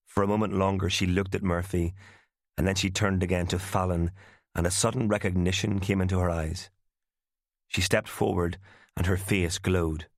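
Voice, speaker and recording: Man reading a thriller audiobook, super deep voice, dry close sound. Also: level tone, moderate pace, no room sound. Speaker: narrator. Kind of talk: audiobook narration.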